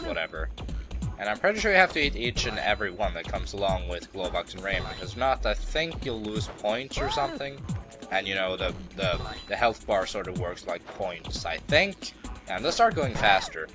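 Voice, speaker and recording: A young man giving casual, rambling commentary as a let's play host, full of playful jokes and asides. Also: lowish voice. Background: game music.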